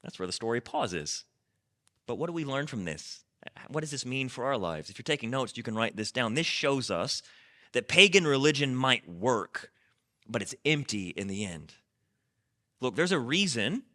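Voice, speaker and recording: A man's voice: mid-range voice, very animated, normal speed, bright, forceful tone. A man preaching a sermon as pastor, speaking conversationally, repeating words and asking rhetorical questions.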